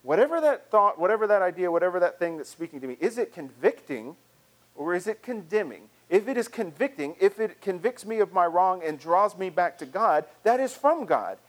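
A man preaching a sermon in a church with a fairly high, lively voice. He is conversational and animated, and his volume swings from loud to soft. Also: fairly quick. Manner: animated and conversational, with acted-out quotes and big swings in loudness. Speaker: pastor. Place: church sanctuary.

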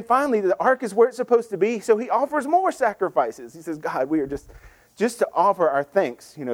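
A man preaching a sermon in a lively, conversational way, acting out the people in the scripture story in voices. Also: high voice. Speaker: pastor.

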